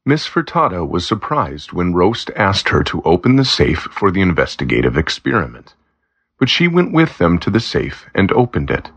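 A man narrates a story at a steady reading pace, his pitch moving up and down a lot as he lightly takes on each character. His voice sits low and slightly husky. The recording is dull and lo-fi. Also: moderate pace. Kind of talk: scripted narration of a graded reader story.

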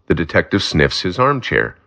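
A man narrating a simple graded story for language learners, slow and clear. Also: sits low, big pitch swings, bright, forceful tone.

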